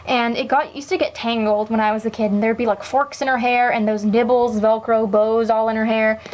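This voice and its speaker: A young woman with a fairly high voice talks through her doll collection in an easy show-and-tell way. She rambles and leans on fillers as she goes. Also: fairly even intonation, a little fast, a little mellow, low-quality recording. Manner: chatty and rambling, with many fillers. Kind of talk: casual show-and-tell chat.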